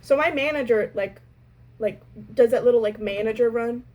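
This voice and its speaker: Young adult woman with a slightly high voice, telling a work story in an exasperated tone. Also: moderate pace, highs cut off. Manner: animated, exasperated retelling. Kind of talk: casual storytime.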